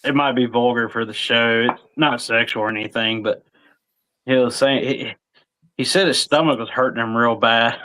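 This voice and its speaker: A man's voice: mid-range voice, steady tone, normal speed, sharp tone, rough recording. Give me a laid-back man spinning work stories. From Mississippi. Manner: laid-back storyteller, laughs at his own tales. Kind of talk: casual storytelling chat.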